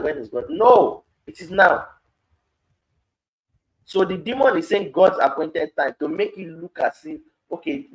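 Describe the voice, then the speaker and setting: A man's voice: medium pitch, slightly rough, low-quality recording. A man with a Nigerian accent leading a live-streamed Bible study, reading scripture aloud and then explaining it in Pidgin-laced commentary.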